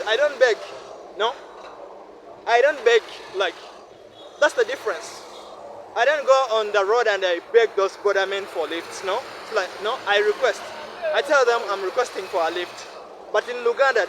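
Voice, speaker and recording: A Ugandan man in his twenties vlogs outdoors beside a busy road, his fairly high voice riding over loud traffic noise. He speaks earnestly and repeats himself, often checking in with the listener. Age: 20s. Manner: earnest, repetitive, asks listener "no?". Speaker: vlogger. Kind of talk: casual vlog monologue.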